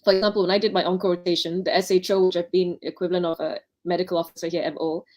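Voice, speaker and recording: A woman's voice: lowish voice, little pitch movement, rapid-fire, a little mellow. A woman doctor on an online panel, giving chatty advice to new doctors and acting out quoted lines in her stories. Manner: chatty, anecdotal, acts out quoted speech.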